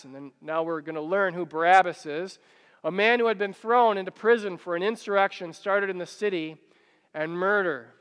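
High, clear-voiced man preaching in a hall. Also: fairly bright tone. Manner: earnest, repeats and stammers when worked up. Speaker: pastor. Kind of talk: sermon.

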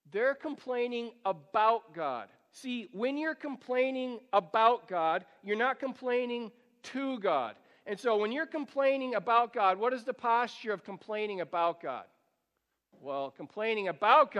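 A man's voice: high voice, expressive, a little slow, fairly bright tone, lo-fi sound. A male pastor preaching a sermon, earnest and pleading, drawing the congregation into reading along. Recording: long hall reverb.

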